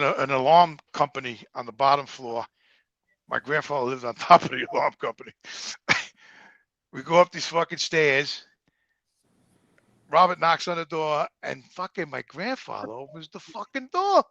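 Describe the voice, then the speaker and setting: A middle-aged man with a thick New York accent spins profane, animated stories. His voice is high and gravelly, and it is recorded close and dry. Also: moderate pace, long pauses, dry recording, muffled recording. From Brooklyn, New York. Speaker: guest. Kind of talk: casual storytelling.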